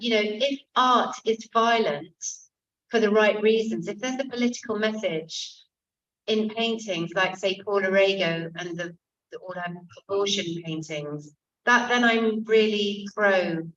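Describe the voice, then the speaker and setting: An English actor and author answering audience questions at a bookshop event, candid and self-mocking, with frequent swearing. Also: female voice, medium pitch, a bit bright. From England. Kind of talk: casual stage conversation. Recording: distant, dull lo-fi room recording.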